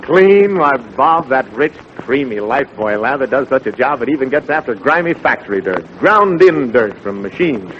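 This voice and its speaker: A man working as a radio announcer and straight man in a 1940s comedy show, hearty and brisk, rushing through a tall tale and reading ad copy. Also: medium pitch, animated. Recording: muffled old radio broadcast with hiss.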